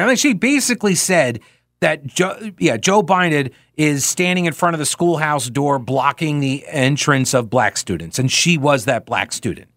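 Sarcastic talk radio host, dry sound. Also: male voice, a little high, lively intonation, moderate pace, a bit bright, no echo. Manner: sarcastic, mocking; reads listener emails aloud.

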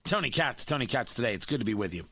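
A man's voice: medium pitch, very animated, quick pace, sharp tone, dry recording. A man hosting a talk radio show, giving opinionated, mocking commentary from a studio microphone.

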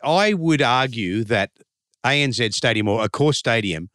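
A man's voice: mid-range voice, lively intonation, normal speed, fairly bright tone, dry recording, studio quality. A man hosting a sports talk show, prompting his guest with questions and short agreeing replies. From Australia. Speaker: podcast host. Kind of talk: casual interview chat.

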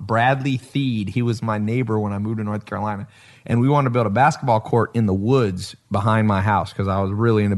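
Animated storytelling male podcast host. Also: lowish voice. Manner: animated storyteller who acts out quotes and laughs. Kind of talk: casual chat.

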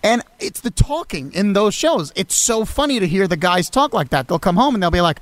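A man's voice: sits high, brisk, dry recording. A young man co-hosting a podcast, chatting casually and joking, often slipping into silly voices. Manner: animated, jokey, does silly voices. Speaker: podcast co-host. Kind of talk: casual chat.

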